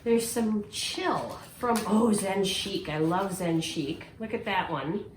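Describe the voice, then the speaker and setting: A middle-aged woman in casual, excited chat, gushing and exclaiming to her viewers as she unboxes a prize at home. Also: medium pitch, slow pace, hardly any pauses. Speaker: quilting vlogger unboxing a prize. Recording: echoey room, faint noise.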